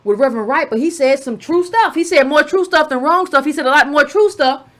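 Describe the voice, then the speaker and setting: A woman's voice: high-pitched, fairly quick, fairly bright tone. A woman giving a sarcastic political commentary monologue, full of rhetorical questions and mocking asides.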